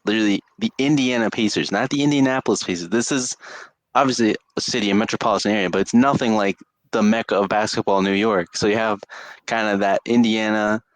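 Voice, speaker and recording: A man's voice: fairly low pitch, steady tone, fast talker, no echo. A young man co-hosting a casual sports podcast, rambling with lots of fillers and restarts. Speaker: podcast co-host.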